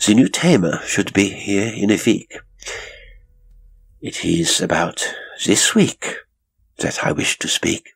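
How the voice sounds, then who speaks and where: Casting: man playing a menacing circus director, older, courteous and cruel, husky low voice that lifts into sly high notes. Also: very animated, takes it slowly, long pauses, a bit bright, heavily acted, low-quality recording. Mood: calm. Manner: smooth, mocking politeness with sudden high lilts.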